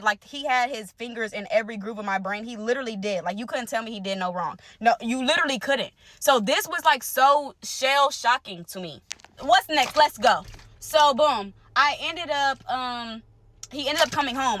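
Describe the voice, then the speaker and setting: Animated young woman telling a story. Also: dry recording. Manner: animated, conversational, swings between loud exclaims and low asides. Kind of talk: casual storytime to camera. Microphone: phone close to the face.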